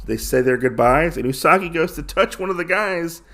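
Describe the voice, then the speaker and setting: A man's voice: on the high side, lively intonation, normal speed, sharp tone. A man hosting a podcast, casually retelling a comic story with loose, enthusiastic phrasing and many fillers. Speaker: podcast host. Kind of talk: casual comic book recap.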